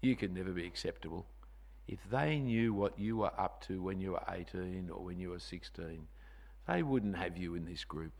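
A preacher putting on the hushed voice of a scornful devil. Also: male voice, normal speed, gravelly. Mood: accusing. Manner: low, hushed, belittling. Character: deceiving male devil, accusing and scornful.

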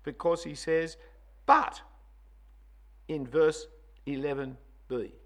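A man's voice: fairly high pitch, very animated, moderate pace. A male preacher giving a sermon, conversational with teasing asides, hitting single words hard for emphasis.

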